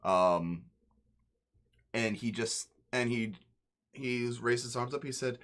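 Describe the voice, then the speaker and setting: A man's voice: mid-range voice, slow, long pauses, fairly bright tone. A man narrating as game master of a tabletop game, in a rambling way with many fillers and restarts.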